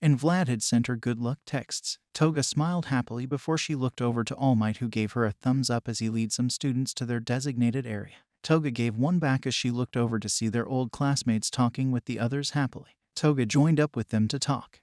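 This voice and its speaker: Male narrator for a fan story, steady even reading, mid-pitched, dry close sound. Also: brisk, few pauses, no echo.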